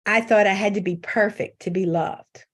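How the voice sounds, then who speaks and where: A middle-aged woman sharing an informal faith talk over a video call. She speaks candidly and pokes fun at herself, breaking into laughter now and then. Her voice sits at an ordinary pitch for a woman. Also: fairly even intonation, normal speed. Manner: candid, self-mocking, laughs often. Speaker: guest speaker.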